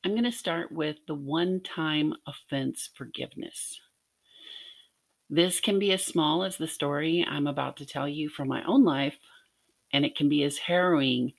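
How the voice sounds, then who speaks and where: Woman, middle-aged, low pitch, gravelly, earnest storytelling, devotional lesson. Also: a little slow. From Arkansas. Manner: storytelling, earnest with light laughs. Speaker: podcast teacher.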